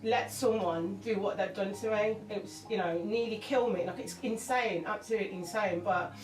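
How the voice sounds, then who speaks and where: A woman's voice: mid-range voice, normal speed, distant mic. A woman, a singer, speaking candidly and emotionally as an interview guest, rambling with restarts. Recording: roomy sound from off-mic with faint music.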